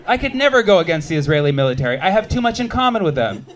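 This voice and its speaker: This American comic, in his thirties, has a high-pitched voice and performs a punchy, animated stand-up routine. Shouted moments mix with fast remarks aimed at the audience.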